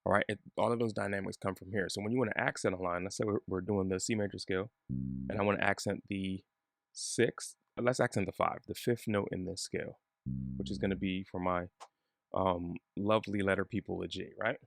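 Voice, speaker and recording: A man giving a relaxed, chatty bass lesson, joking at his own expense. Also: brisk, gravelly, no echo, clean studio sound. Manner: relaxed, chatty, self-deprecating. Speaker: bass teacher.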